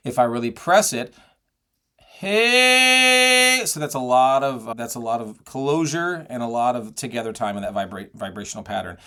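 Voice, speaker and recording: A man's voice: medium pitch, fairly quick, few pauses. A middle-aged man giving a singing lesson, explaining and demonstrating vocal technique. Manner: explanatory, demonstrates sounds and sung phrases. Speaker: singing voice teacher.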